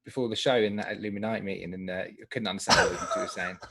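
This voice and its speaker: A man's voice: fairly low pitch, racing, gravelly, noisy background. A man chatting on a live stream, explaining things in an easygoing, matter-of-fact way. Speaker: live show co-host. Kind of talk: casual live-stream chat.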